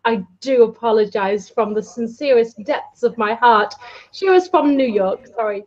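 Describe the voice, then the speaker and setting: A woman guest on a casual panel stream, chatty and quick to laugh, reading out names. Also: fairly high pitch, a little mellow. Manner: chatty, apologetic, laughs often. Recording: muffled lo-fi stream audio.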